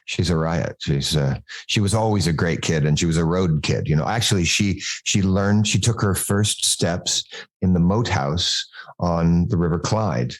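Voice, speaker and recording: Deep voiced american guy, guest on a chat show, rambling halting stories. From United States. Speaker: guest singer. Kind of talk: casual chat.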